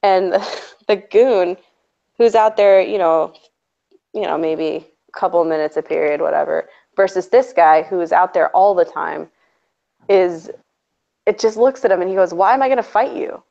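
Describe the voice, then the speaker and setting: A woman's voice: lowish voice, fairly even intonation, a little slow, gravelly, mellow. A woman hosting a stream in casual chat, sarcastic and chatty, laughing often. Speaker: stream host. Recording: dull lo-fi audio.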